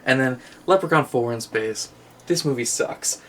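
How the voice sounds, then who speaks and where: A man's voice: mid-range voice, normal speed, background noise. A man chatting casually as a channel co-host, retelling movie scenes with put-on voices. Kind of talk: casual chat.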